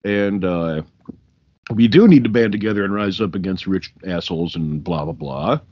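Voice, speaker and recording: A man's voice: sits low, normal speed, dry recording, dull audio. A man co-hosting a podcast in casual, crude, joking banter, swearing freely. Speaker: podcast co-host. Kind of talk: casual chat.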